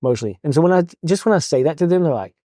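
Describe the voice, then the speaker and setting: Male counselor guest, mellow dark tone, casual, halting speech full of "um" and "like". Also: a little high, expressive, no echo, clean studio sound. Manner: halting, full of fillers and restarts. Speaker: counselor for police officers. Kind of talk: casual podcast interview.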